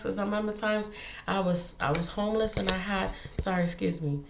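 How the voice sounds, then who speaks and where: A woman telling a personal story in a casual monologue, animated and feisty, with many restarts. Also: medium pitch, a little fast, gravelly, echoey room, background noise. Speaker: vlogger.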